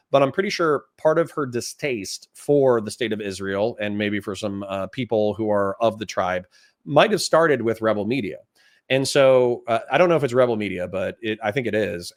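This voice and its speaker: A man's voice: mid-range voice, no echo, studio quality. A man streaming live, reacting to a video clip and talking casually with his chat, bursting into exasperated outbursts.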